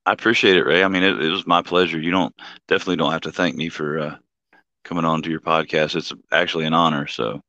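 A man's voice: very deep voice, steady tone, fast, pushed and bright, no room sound, dull audio. A man from the American South, a podcast guest, talking earnestly in casual chat.

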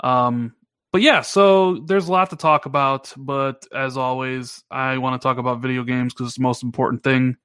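A man co-hosting a gaming podcast, talking in a casual, teasing way and jumping up in pitch when he jokes. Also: normal speed, clean tone, no echo, clean studio sound. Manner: animated, teasing, pitch jumps up when joking. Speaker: podcast co-host.

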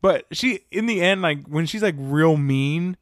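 A man's voice: fairly high pitch, a little slow, dry recording. Laid-back hesitant man, dry sound. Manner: relaxed, hesitant, trails off. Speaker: podcast co-host. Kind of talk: casual anime review chat.

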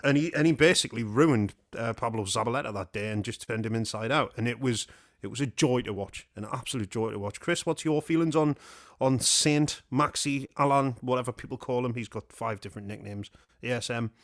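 A man's voice: mid-range voice, fairly quick, no echo, studio quality. A man hosting a casual football chat, rambling and joking with his co-hosts. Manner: jokey, laughs often, rambling. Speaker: podcast host.

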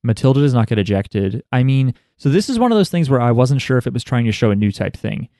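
A man's voice: medium pitch, very animated, fast, mellow, no echo, clean studio sound. A man casually talking over an anime episode with a co-host, sarcastic and joking, swearing freely. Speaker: podcast co-host.

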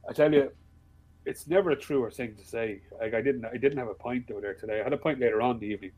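A man's voice: medium pitch, fast, a little mellow, poor audio. An Irish man in casual podcast chat, swearing freely and telling stories with animation. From Ireland. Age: adult, with a father-in-law. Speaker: podcast guest.

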